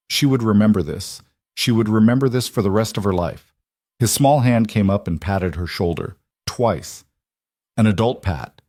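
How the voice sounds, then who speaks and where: A man narrating a scripted story in a measured, even storytelling manner. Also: lowish voice, no echo, studio quality.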